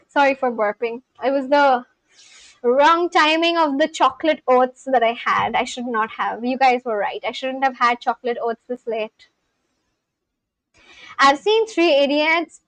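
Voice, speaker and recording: Giggly high-voiced woman streamer. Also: fairly bright tone, no echo, low-quality recording. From India. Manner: chatty, giggly, reads chat messages aloud and answers them. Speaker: livestream host. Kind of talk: casual livestream chat with viewers.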